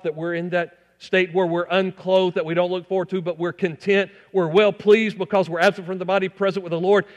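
A man pastor preaching a sermon, building to emphatic peaks and dropping to quiet asides. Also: high voice, big-room sound.

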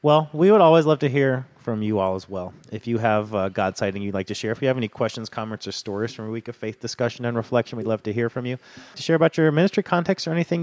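A man's voice: mid-range voice, no room sound. A man co-hosting a casual church podcast, chatty and easygoing, with lots of fillers. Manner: relaxed, chatty, many fillers and murmured agreement. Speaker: podcast co-host.

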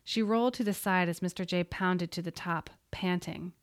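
A woman reading a story aloud in a steady, suspenseful voice. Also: lowish voice, moderate pace, no echo, studio quality. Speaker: audiobook narrator. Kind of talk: scripted narration.

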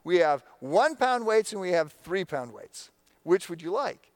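A man's voice: high voice, big pitch swings, measured pace, no room sound. A man voicing a chirpy young female aerobics instructor, upbeat and helpful. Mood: cheerful.

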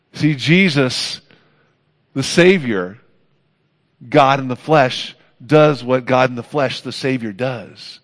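A man preaching a sermon as pastor, earnest, building to emphatic peaks and then dropping soft. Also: mid-range voice, very slow, long pauses.

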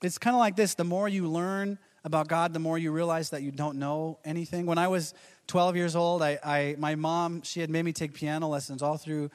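A man in his thirties delivers a sermon, slipping into quoted voices and chuckling as he tells stories. His voice sits a little high, and a long reverb from the church hall trails each phrase. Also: fairly even intonation, moderate pace. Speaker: pastor.

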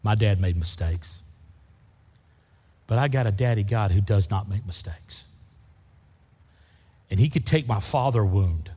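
An older man preaching a sermon as pastor, fervent and swinging between loud outbursts and soft, quiet passages. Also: fairly low pitch, breathy edge, big-room sound.

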